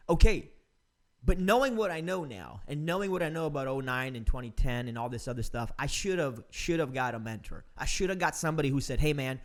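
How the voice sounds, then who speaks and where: Brief: male podcast host in his 30s, pitched a touch high, pumped-up casual delivery. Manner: upbeat, emphatic, calls listener "dude" and "man". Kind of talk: casual motivational interview talk.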